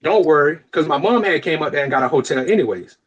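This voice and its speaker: Animated, profane man from Florida. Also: fast, husky, muffled recording. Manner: animated, profane, swings between loud outbursts and low asides. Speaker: podcast co-host. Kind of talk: casual storytelling chat.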